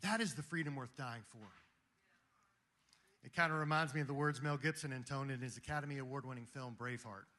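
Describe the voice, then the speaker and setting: A man's voice: medium pitch, a little fast, sharp tone. A man giving an impassioned, preaching speech to a live audience at a Christian gathering. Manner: preaching, rhetorical, emphatic.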